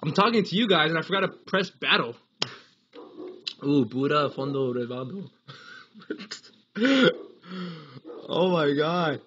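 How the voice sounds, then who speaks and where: A man's voice: fairly high pitch, lively intonation, slow, pauses often, bright, forceful tone, dull audio, a little hiss or hum. A young American man chatting on a casual live gaming stream, rambling, laughing often and reading chat aloud. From United States. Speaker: livestreamer.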